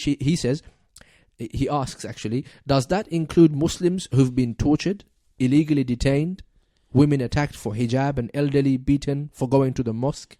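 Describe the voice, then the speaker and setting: A man's voice: medium pitch, dark tone, no echo, studio quality. A man co-hosting a talk radio show in casual chat, sarcastic and laughing often as he reads tweets aloud with plenty of fillers. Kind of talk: casual current affairs chat.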